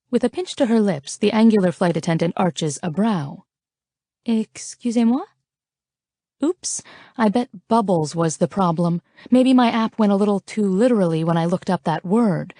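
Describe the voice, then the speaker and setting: A woman's voice: mid-range voice, normal speed, hardly any pauses, warm tone, no echo, clean studio sound. A woman narrating a first-person romance audiobook in a playful, flirty, teasing way, as if recorded in a booth.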